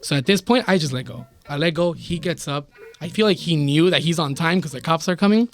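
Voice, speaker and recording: A man's voice: a little high, fairly quick. A man with a slightly raised voice, telling a personal story in an easygoing conversation. He acts out the other people's lines as he goes. Music plays steadily behind him. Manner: animated storyteller acting out quoted dialogue. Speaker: podcast guest. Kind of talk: casual storytelling.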